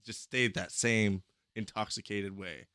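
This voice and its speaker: A man co-hosting a podcast, telling a travel story in casual chat, animated and swearing freely. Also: fairly low pitch, a little slow, clear, resonant tone, dry recording, studio quality. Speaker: podcast co-host.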